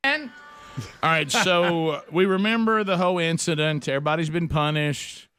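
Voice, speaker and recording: A man's voice: a little high, normal speed, bright, forceful tone, clear, resonant tone. Chatty male radio host. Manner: chatty, laughing, jokey. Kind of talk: casual radio banter.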